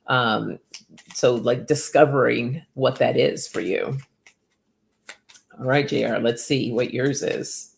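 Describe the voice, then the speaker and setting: A woman's voice: rumbling low, steady tone, slow pace, vocal fry, long pauses, a little hiss or hum. A woman giving casual oracle card readings to viewers by name, chatty and upbeat, laughing often.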